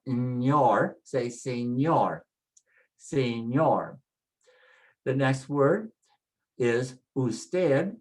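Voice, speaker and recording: An instructor teaching a spoken lesson, explaining each rule step by step and repeating every example word slowly to model its pronunciation. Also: mid-range voice, rough recording. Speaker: language instructor.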